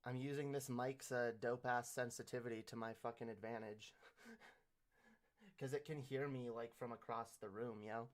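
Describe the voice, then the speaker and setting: A man's voice: mid-range voice, steady tone, measured pace, a little hiss or hum. A man hosting a casual livestream, joking loosely and swearing, sprinkling "yo" everywhere while he fiddles with a new microphone. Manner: slangy, profane, peppered with "yo"; loose, joking, tinkering with a new mic mid-talk. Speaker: livestream host. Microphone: new desk mic with pop filter.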